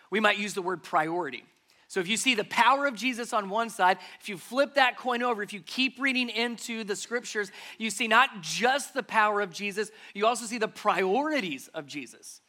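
A man delivers a church sermon in a high, bright, forceful voice. He stresses his points by repeating key phrases and building them up. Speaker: pastor.

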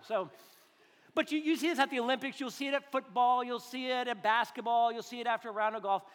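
A man's voice: very high voice, quick pace, a bit bright. A male pastor preaching a conversational sermon with jokes, acting out little quoted voices along the way. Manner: joking, conversational, acts out quotes. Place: church sanctuary. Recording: long hall reverb.

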